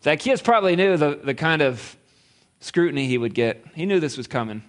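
A male pastor preaching with a lively, animated delivery that swings up and down. His voice sits a little high for a man, and he tells the story playfully, slipping into quoted voices. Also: brisk. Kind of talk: sermon.

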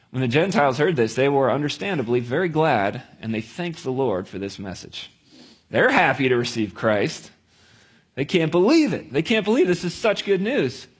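A man preaching a sermon to a gathered group, in a conversational style with lively storytelling and asides. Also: fairly high pitch, slightly rough.

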